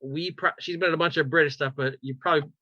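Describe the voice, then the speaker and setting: A man's voice: fairly high pitch, fairly even intonation, fast talker, no room sound. A man co-hosting a casual pop culture podcast, animatedly retelling a show with lots of "like"s and restarts. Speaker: podcast co-host. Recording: slightly dull, dry recording.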